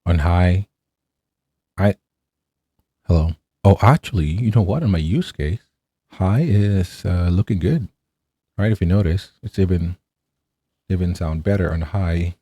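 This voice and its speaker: A man with a low, mellow voice talks through a product review in a loose, upbeat way. He tosses in fillers and keeps asking "right?". The sound is dry and close. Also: measured pace, long pauses, dry recording. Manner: chatty, enthusiastic, fillers and rhetorical "right?". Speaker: tech reviewer.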